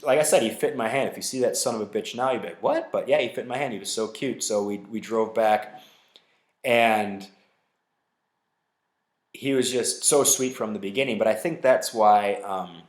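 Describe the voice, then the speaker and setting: A man hosting a podcast, telling a story casually in a loose, profane, animated way with lots of fillers. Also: lowish voice. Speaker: podcast host. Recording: roomy echo.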